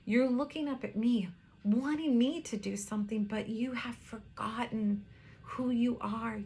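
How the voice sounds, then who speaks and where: A woman voicing a tender, loving heavenly father who speaks gently and reassuringly in a sermon. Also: very high voice, a little hiss or hum. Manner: gentle, reassuring, softly spoken.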